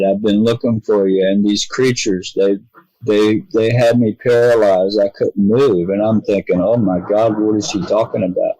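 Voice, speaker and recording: A middle-aged man from the United States, a podcast guest telling a long personal story in an earnest, halting way, voicing the people in it. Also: on the low side, darkish tone, no echo, rough recording.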